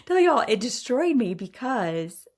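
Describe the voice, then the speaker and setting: 40s woman on her podcast, talks straight and emphatic, says y'all a lot, laughs here and there. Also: on the high side. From Iowa. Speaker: podcast host. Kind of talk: personal storytelling monologue.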